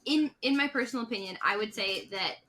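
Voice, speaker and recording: A woman hosting a casual podcast chat, talking fast and loose with lots of fillers. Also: a little high. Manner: chatty, many "like" fillers, animated. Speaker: podcast host.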